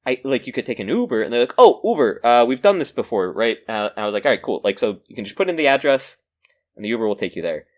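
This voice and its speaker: A male podcast co-host telling a rambling story in casual chat. His pitch rises and falls with lively swings, and his speed keeps shifting between fast bursts of words and drawn-out slow stretches. He is talking over a remote call mic.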